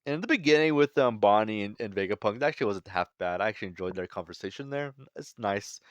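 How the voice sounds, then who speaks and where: A man's voice: on the low side, expressive, fast talker, no room sound. A man giving a casual spoken review of a manga chapter, sarcastic and critical, with lots of filler phrases.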